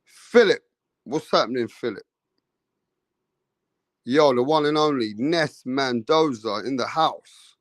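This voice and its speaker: A man's voice: medium pitch, slow, pauses often, dry recording. A man hosting a casual boxing livestream, greeting viewers in the chat by name in slangy talk.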